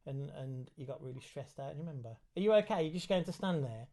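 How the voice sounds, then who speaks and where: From home, a male autism specialist chats easily through a live Q&A for parents, reading out comments from viewers and pausing to address his child. He talks fast in a fairly high, mellow voice full of animation.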